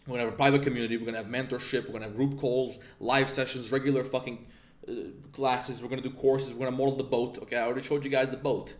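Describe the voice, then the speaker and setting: A man giving an intense motivational rant, blunt and confrontational, swearing often as he pitches his mentorship course. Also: little pitch movement, very fast. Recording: roomy echo.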